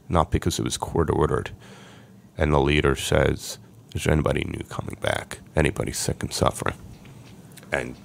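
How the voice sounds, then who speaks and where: A man's voice: very deep voice, creaky, a little hiss or hum. A middle-aged man earnestly telling an emotional personal story as a podcast guest.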